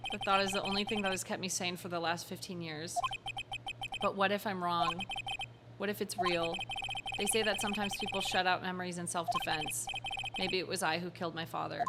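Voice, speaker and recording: A woman's voice: fairly low pitch, flat delivery, a little fast, very noisy, natural voice. A woman voicing a haunted young male prosecutor in a game, speaking in a brooding, somber way. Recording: loud game music behind.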